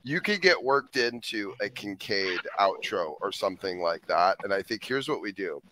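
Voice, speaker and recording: Animated man in crude group banter. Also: moderate pace, background noise. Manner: animated, slips into high mocking falsetto bits. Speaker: podcast co-host. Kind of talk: crude casual group chat.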